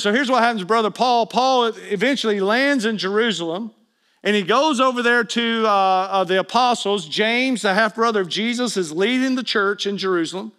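A male pastor preaching a sermon, telling the story with lively energy and acting out the people in it. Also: high-pitched, moderate pace. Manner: animated storytelling preacher, acts out quoted voices.

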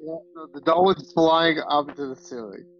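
A man co-streaming over a call, chatting casually and giving quick pointers. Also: fairly high pitch, dull audio, slight background noise.

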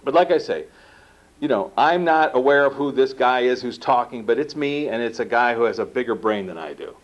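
A man giving a talk to an audience, telling his story animatedly and acting out quoted dialogue. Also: a little fast. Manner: acts out quoted dialogue with lively pitch jumps. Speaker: speaker giving a book talk. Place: lecture room. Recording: dull lo-fi recording.

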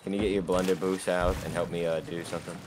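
A man's voice: level tone, quick pace, noisy background. A man chatting casually while playing an online pirate game with friends, joking and swearing. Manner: joking, pleading, swears, breaks into high-pitched yelps. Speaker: gamer. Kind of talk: casual gaming chat with friends. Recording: game sounds loud behind voice. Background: game sounds of sailing ship and water.

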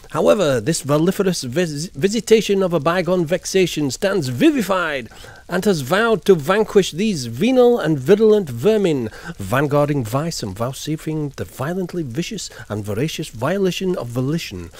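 Theatrical masked vigilante, grand alliterative declaiming, lively, dry close sound, done by a man. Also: fairly high pitch, no echo.

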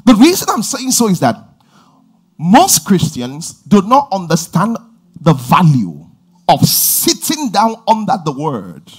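Husky, high-voiced preacher. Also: male voice, huge pitch swings, slow pace. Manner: emphatic preaching, often shouting and drawing out words; repeats phrases and calls out praise. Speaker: pastor. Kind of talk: sermon.

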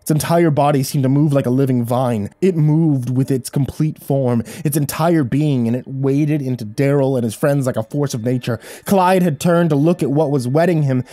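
A man narrating a horror story in first person, with measured, dramatic storytelling. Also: mid-range voice, mellow, no echo.

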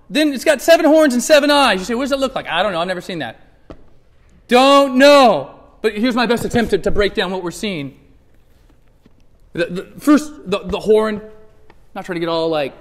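A man preaching a sermon in a church, conversational and animated, swinging from hushed asides to loud emphatic bursts. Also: extremely high pitch, big-room sound. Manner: conversational, playfully acts out scripture scenes. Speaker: pastor. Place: church sanctuary.

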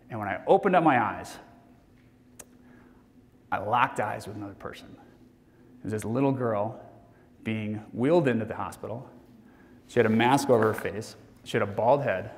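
A man in his forties gives a heartfelt keynote from a stage, with a voice of middling pitch. His delivery is earnest and dips to near hushes before it climbs back to energetic peaks. The sound carries a long reverb from a large hall. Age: 40s. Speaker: motivational keynote speaker. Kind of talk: personal storytelling speech.

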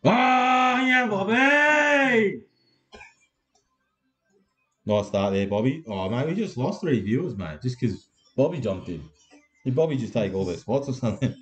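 A man with an Australian accent hosting a card break, crude and teasing in loud joking banter. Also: fairly low pitch, big pitch swings, brisk, faint music behind.

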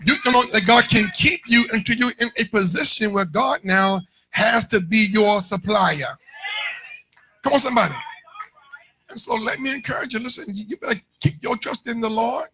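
A male pastor preaching a lively call-and-response sermon in a church, rising into shouts at his peaks. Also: sits high, moderate pace, slightly rough, low-quality recording. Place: church sanctuary.

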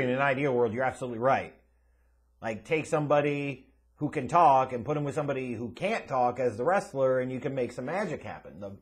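A man hosting a casual Q&A, reading out viewer questions and answering them bluntly, sarcastically and with a lot of swearing. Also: medium pitch. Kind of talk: casual Q&A rant.

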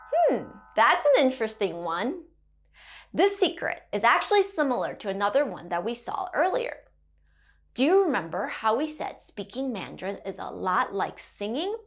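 A woman teaching a children's language lesson, playful and sing-song, a mother drawing out her tones. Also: a little high.

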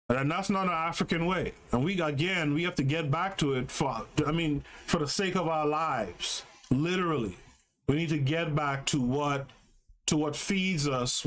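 Talkative male podcast host. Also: a little high. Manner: conversational, often checks in with "right?". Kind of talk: reading aloud and commenting on a livestream podcast.

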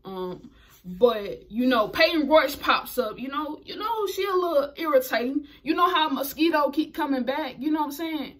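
A woman's voice: sits high, lively intonation, normal speed, a bit bright. A woman recapping a wrestling show in a chatty, slangy way, laughing often. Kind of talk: casual video recap.

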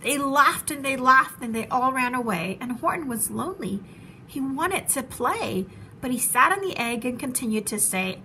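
A woman teacher reading a children's storybook aloud, expressive and animated, dropping to a hush at tense moments. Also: high-pitched, normal speed, a little hiss or hum, poor audio.

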